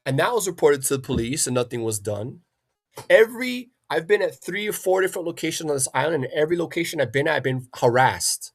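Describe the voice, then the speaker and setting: A man's voice: on the high side, sing-song, fast, husky. A man hosting a livestream, ranting in an agitated, profane way and often repeating himself. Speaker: livestream host. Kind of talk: angry livestream rant.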